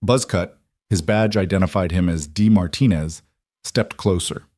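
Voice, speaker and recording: A man reading a scripted dramatic story in a measured, even delivery. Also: deep voice, no room sound, studio quality.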